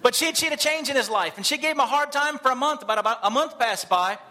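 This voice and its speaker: A missionary pastor tells a story during a church sermon, speaking fast and energetically to the congregation. He has a high, bright, forceful voice and slips into the voices of the characters as he goes.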